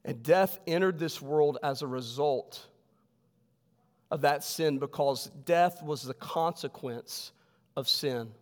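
A male pastor preaching a sermon with emphasis, his voice sinking low on key words. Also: slow pace. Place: church sanctuary. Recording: long hall reverb.

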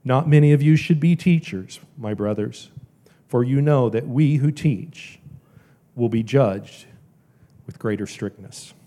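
A man preaching a sermon in church, earnest and emphatic, his voice rising and falling sharply in loudness. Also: mid-range voice, a little slow. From American South. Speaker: pastor.

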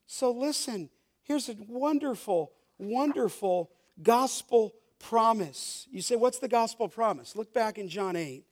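A male pastor preaching a sermon, reading scripture slowly and pausing to ask the congregation to finish the verses. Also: sits high, lively intonation, a little mellow. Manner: emphatic preaching, reads scripture slowly, asks the congregation rhetorical questions.

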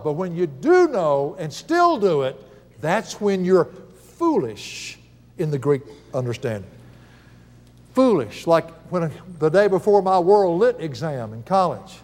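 Older man, folksy preacher, higher voice, long reverb around him. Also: sing-song, measured pace, darkish tone. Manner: folksy, chuckling storyteller. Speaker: Bible teacher. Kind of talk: sermon with personal stories.

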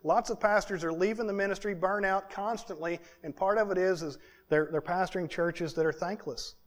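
A man preaching a sermon as pastor, earnest and building his points in lists and repetitions, sometimes dropping to a hushed tone. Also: high-pitched, steady tone, fairly quick.

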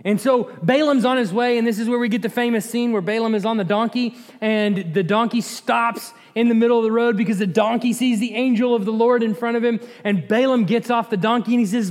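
Animated high-voiced man teaching a Bible class. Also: a little fast. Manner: animated storytelling with laughs and asides to the class. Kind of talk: Bible study lesson. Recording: echoey hall.

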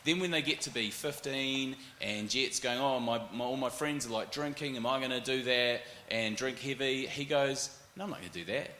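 A man in his forties with a New Zealand accent, telling animated stories as a panelist and acting out other people's voices. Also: medium pitch, moderate pace, hardly any pauses, roomy sound, a little hiss or hum. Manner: animated, acts out voices in anecdotes. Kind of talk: storytelling panel talk.

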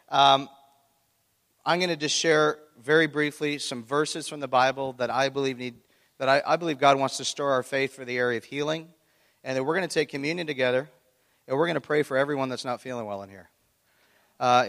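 A man's voice: medium pitch, creaky, fairly bright tone. A man preaching a casual sermon as pastor, chatty and talking straight to the congregation. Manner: chatty, talks to the congregation, restarts often. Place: church hall. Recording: reverberant church hall.

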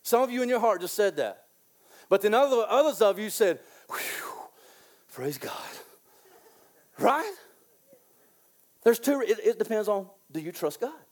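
A man preaching a sermon in an animated, excitable way, repeating phrases and stretching key lines out slowly. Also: sits high.

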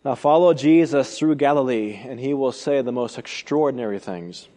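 A man preaching an expository sermon, emphatic, asking rhetorical questions and swinging between loud and soft delivery. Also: mid-range voice, normal speed, big-room sound. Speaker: pastor.

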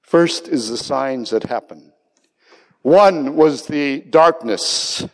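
A man's voice: mid-range voice, slow pace. A man preaching a sermon with passion, his voice climbing into cries on key words. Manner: impassioned, rising to cries on quoted words. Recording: long hall reverb.

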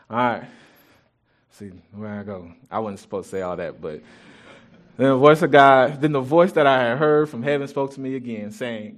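A pastor preaching a sermon in an animated, conversational way, mixing Bible reading with personal stories. He often restarts his sentences, and his loudness jumps suddenly. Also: medium pitch, normal speed. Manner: conversational and joking with the congregation. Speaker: pastor and youth track coach.

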